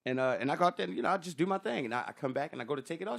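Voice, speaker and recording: A male stand-up comedian talking at a fast clip in a somewhat high voice. He tells stories in an animated, loose way and swears freely during a casual podcast chat. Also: vocal fry, breathy edge.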